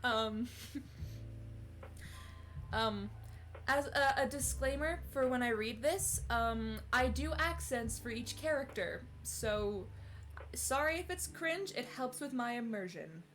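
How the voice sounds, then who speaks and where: A woman's voice: a little high, expressive, slow, a bit bright, a little hiss or hum. A young woman chatting casually on a live stream before reading fan fiction, giggly and full of fillers and restarts, on a cheap streaming mic. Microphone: cheap streaming mic on a laptop.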